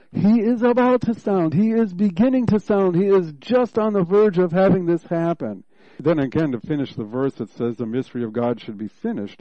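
A man preaching a sermon, teaching from scripture verse by verse and reading passages aloud, with animated bursts when he voices what God is saying. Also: on the high side, no echo, dull audio.

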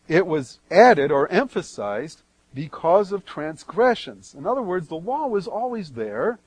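A man preaching verse by verse, reading scripture aloud and then explaining it, with strong swings between loud and soft. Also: high voice, sing-song, a little slow, slightly rough, dry recording, low-quality recording. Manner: emphatic swings in loudness. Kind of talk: verse-by-verse Bible teaching.

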